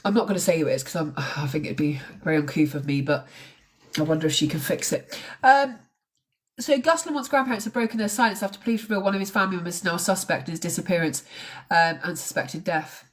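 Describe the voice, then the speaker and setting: A woman's voice: on the low side, fast talker. A woman talking casually on a live stream about a crime case, chatty and blunt, with the odd swear. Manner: chatty, swears, mocks accents.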